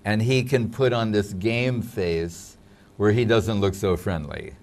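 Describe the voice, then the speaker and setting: A man in a casual conversation, sharing memories in an unhurried way. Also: fairly low pitch, darkish tone. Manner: unhurried, adds short agreements and helps finish the other man's sentences.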